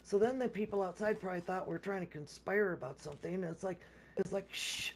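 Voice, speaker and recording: Speaking fairly quickly in a medium pitch, this gamer tells a loose, drawn-out story about a game they played. Words get repeated and sentences restart often, and the lines of other players are acted out in quotation.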